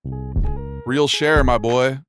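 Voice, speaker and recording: A man's voice: mid-range voice, wildly swooping pitch, drawn-out words. A young man live streaming and chatting casually with his viewers, laid-back and slangy, calling everyone bro. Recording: music playing loudly underneath. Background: game music playing under the voice.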